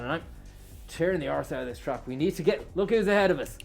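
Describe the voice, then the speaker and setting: A man's voice: fairly high pitch, expressive, fast talker, gravelly, soft background music. A man giving a crude, swearing, mock-serious comic rant while playing a racing game, full of over-the-top bravado. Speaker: comedic gaming commentator.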